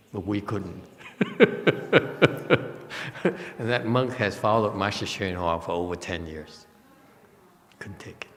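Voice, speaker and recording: A male Buddhist teacher tells stories in an unhurried, halting way, pausing on fillers and laughing often. His speech is slow. The sound carries a long hall reverb. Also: medium pitch. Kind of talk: dharma talk. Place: monastery hall.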